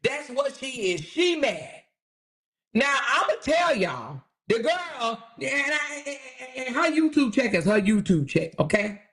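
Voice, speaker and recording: A woman's voice: high-pitched, big pitch swings, measured pace. A woman hosting her own channel, talking in a casual rant that is blunt, profane and mocking and repeats phrases for emphasis. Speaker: channel host.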